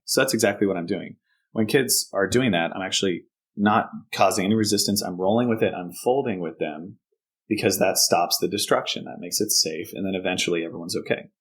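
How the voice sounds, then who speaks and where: Lowish-voiced guy, counselor on a podcast, explaining stuff and acting out what he'd tell kids. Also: fairly bright tone, husky. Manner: explanatory, acts out example phrases to kids.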